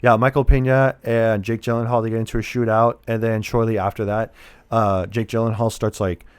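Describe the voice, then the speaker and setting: A man's voice: lowish voice, level tone, fairly quick, clear, resonant tone, dry recording. A man co-hosting a casual movie podcast, rambling and retelling scenes. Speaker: podcast co-host. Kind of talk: casual movie review chat.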